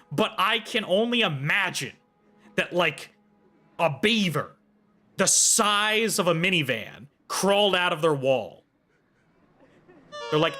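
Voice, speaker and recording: Lively, bright-voiced man telling a story. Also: high-pitched. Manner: animated, comic storytelling. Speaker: livestreamer. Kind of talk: casual storytelling. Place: home.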